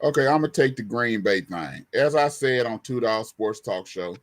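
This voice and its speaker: A man's voice: medium pitch, lively intonation, moderate pace. A man arguing football on a sports talk panel, emphatic and colloquial, often repeating himself. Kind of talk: heated sports debate.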